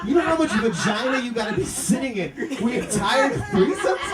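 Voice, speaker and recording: Ranting stand-up comic, lively pitch. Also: male voice, a little fast, heavy background noise. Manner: excitable, ranting, swings from mumbling to shouting. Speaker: stand-up comedian. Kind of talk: stand-up comedy set. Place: comedy club. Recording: distant mic in a loud laughing crowd. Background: audience laughter.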